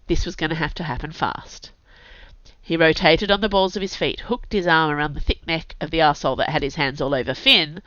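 Brief: woman audiobook narrator, brisk and gritty; dry, lo-fi recording. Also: lowish voice, fairly bright tone, no room sound. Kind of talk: scripted narration.

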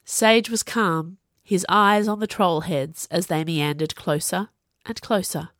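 A woman narrating a novel in a steady storytelling manner. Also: lowish voice, a little slow, no room sound, studio quality. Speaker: audiobook narrator. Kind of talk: scripted narration.

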